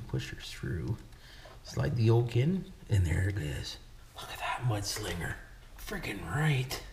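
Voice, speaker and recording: A man's voice: medium pitch, a little mellow. A Canadian man hosting his hobby channel, talking casually and joking as he works on a toy truck. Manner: folksy and joking, keeps saying "boys" and "why wouldn't we". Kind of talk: casual vlog narrating while working on an RC truck. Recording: echoey room with background noise.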